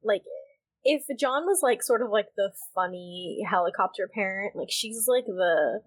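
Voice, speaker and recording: Woman co-host, mid-pitched, heated and emphatic, casual and profane. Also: lively intonation, unhurried. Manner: heated, emphatic, swears freely. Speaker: podcast co-host. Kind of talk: casual chat.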